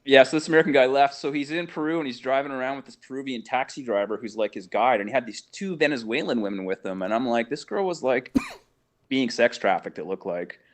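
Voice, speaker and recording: A man's voice: medium pitch, a little fast. A man calling in to a talk show, rambling through a travel story and swearing casually. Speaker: caller.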